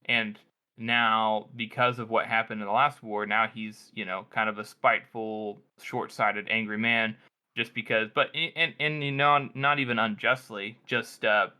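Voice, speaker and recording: A man co-hosting a podcast, talking enthusiastically and haltingly about a book. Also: lowish voice, fairly even intonation, pushed and bright, smooth. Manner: enthusiastic, halting, many fillers. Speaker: podcast co-host. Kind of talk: casual book discussion.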